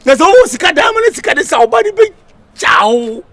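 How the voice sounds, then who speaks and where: A man, playing a husband who rants loudly and mixes in another language. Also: high-pitched, big pitch swings, moderate pace, husky, no echo, exaggerated voice. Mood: ranting. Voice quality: pleading, then loud ranting. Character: pleading husband caught in a quarrel. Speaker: comic actor. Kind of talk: skit acting.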